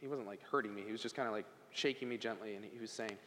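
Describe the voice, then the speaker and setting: A man's voice: lowish voice, rapid-fire. Man telling his story in a reverberant hall. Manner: animated, conversational storytelling. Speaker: speaker at a worship service. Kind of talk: personal testimony talk.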